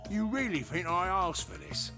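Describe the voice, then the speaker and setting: A put-upon Cockney robot golem, gruff and cheeky, grumbling in folksy slang. His voice swings lively up and down over game music playing clearly behind him. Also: high voice, normal speed. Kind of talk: video game voice acting.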